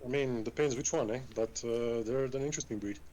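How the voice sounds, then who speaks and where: A man's voice: medium pitch, fairly quick, mellow, a little hiss or hum, rough recording. A man playing his character in a tabletop game, casual and rambling, often laughing. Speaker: player.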